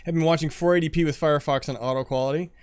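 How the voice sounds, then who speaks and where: A man's voice: rapid-fire, clean tone. A man chatting casually with viewers while streaming a game, answering chat as he plays. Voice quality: lively, animated pitch.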